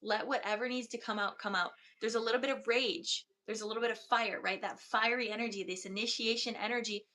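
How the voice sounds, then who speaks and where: A woman energy healer giving a slow, soft-spoken, meditative channeled reading. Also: a little high, steady tone.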